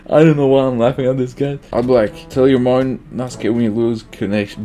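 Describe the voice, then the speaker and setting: Excitable young man with a mellow voice. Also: medium pitch, fairly quick, few pauses. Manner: excitable, slangy, laughs often, repeats himself. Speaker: gaming YouTuber. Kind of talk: casual gameplay commentary. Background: faint guitar music.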